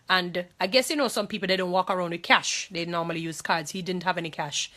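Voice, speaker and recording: A woman's voice: lowish voice, fairly even intonation, fast talker, few pauses, bright, forceful tone. A woman with a Jamaican accent, speaking to viewers in an impassioned monologue. She talks emphatically, repeats phrases and pleads, distressed and angry.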